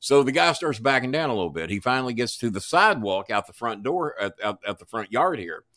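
A man's voice: medium pitch, sing-song, quick pace, a bit bright, no echo, studio quality. A man telling a long story as a podcast guest, swearing freely and acting out each person's lines. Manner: profane, acts out dialogue in voices. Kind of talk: animated storytelling.

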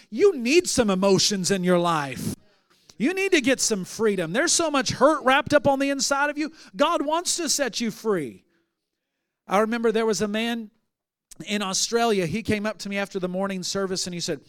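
A male pastor preaches a sermon, telling stories and acting out the people in them before rising to emphatic outbursts. His voice is high-pitched and a bit bright with lively intonation at a moderate pace, captured in clean studio sound with no room sound.

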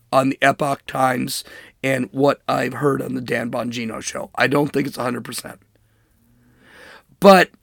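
A man's voice: mid-range voice, gravelly, a bit bright, dry recording, studio quality. A man hosting a political commentary show, talking in an emphatic, sarcastic monologue and mocking with air quotes. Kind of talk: opinionated monologue.

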